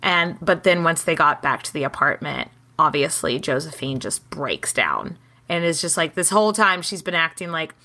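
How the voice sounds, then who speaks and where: Bright-voiced woman telling a story. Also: sits low, normal speed. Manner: animated storytelling, acts out quotes, swears casually. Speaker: podcast co-host. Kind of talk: casual history podcast chat.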